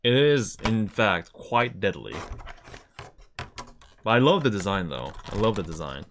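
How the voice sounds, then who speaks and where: Man, casual stream chat, low voice, very lively pitch, eager show-and-tell. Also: a little slow, a little hiss or hum. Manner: enthusiastic, shows off items to camera.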